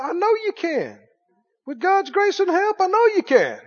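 A man preaching a sermon as pastor, reading scripture aloud with animated delivery. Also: very high-pitched, normal speed. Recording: dull sound in a long-reverb hall.

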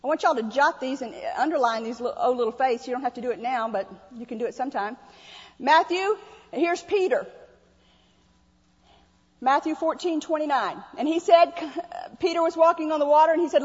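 A woman pastor delivers a folksy sermon, driving points home through repetition and little acted-out asides. Her voice sits high, and the sound is dull with a long hall reverb behind it. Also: fairly quick.

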